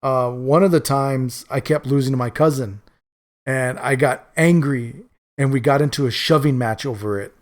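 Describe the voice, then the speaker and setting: A man's voice: mid-range voice, normal speed. A man on a casual podcast telling a rambling, self-amused childhood story. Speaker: podcast co-host. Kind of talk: casual chat.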